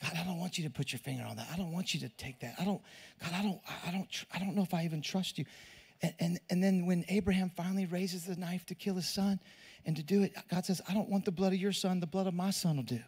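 A middle-aged man with a drawl preaches a sermon in a high voice for a man. He talks to the crowd like a friend, doubles back over his words and keeps asking them questions. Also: fast, vocal fry, a little mellow, breathy edge. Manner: conversational, repeats words, asks the crowd questions. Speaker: pastor.

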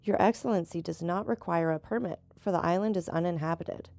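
Woman reading as a calm seasoned sea captain. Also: on the low side, fairly quick, vocal fry, no echo. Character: seasoned male boat captain, calm and knowing.

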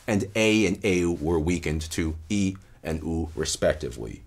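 A man delivers a careful academic lecture, pausing to stress key terms. His voice sits low, yet his pitch moves widely and keeps the talk animated.

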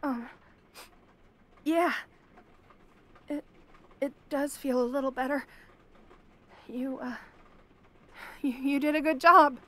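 A woman's voice: high voice, fairly even intonation, slow, long pauses, bright, forceful tone, exaggerated voice. A young woman acting a frightened captive in an audio drama, stammering and pleading. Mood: nervous, placating. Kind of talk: audio role-play.

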